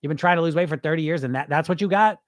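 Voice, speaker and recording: A man's voice: on the high side, very fast, dry recording, studio quality. A man hosting a solo weight-loss podcast, speaking bluntly and swearing often while firing off rhetorical questions and acting out his listeners' excuses. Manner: blunt, profane, rhetorical pep-talk; mimics listeners' excuses mid-rant.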